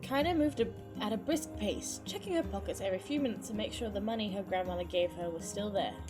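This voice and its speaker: Woman, streamer, reading game story, casual asides, mid pitch, loud game music. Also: fast.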